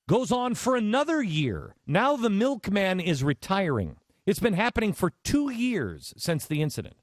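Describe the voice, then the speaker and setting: Dry, animated male talk host. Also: high voice, normal speed, no room sound. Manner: animated storyteller with frequent restarts. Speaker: radio show host. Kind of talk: talk radio storytelling monologue.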